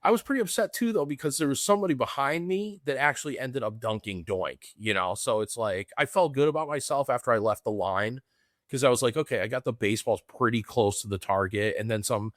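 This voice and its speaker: A man's voice: mid-range voice, fairly quick, fairly bright tone, dry recording, clean studio sound. Laid-back man laughing through wrestling stories. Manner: laid-back, laughs often, calls people man and brother. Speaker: podcast co-host. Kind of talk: casual chat.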